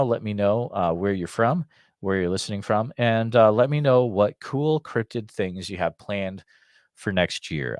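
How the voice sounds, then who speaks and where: A very low-voiced man with a slight Massachusetts accent hosts a live call-in podcast in a casual live-stream style. His talk is loose and rambling, packed with fillers and restarts, and the recording is close and dry with no room sound.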